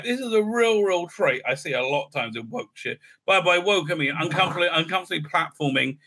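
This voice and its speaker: Male reviewer, sarcastic and mocking, with a very bright, tense tone and a slightly high voice. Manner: sarcastic, mocking, slips into silly put-on voices. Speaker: show host reviewing a TV episode. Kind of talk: casual recap and review.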